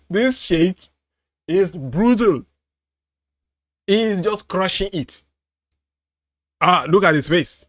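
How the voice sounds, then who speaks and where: A man's voice: sits high, lively intonation, slow, long pauses. A man hosting a reaction show, commenting in a mocking way and often breaking into laughter and repeated exclamations. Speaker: apologetics host reacting to a clip.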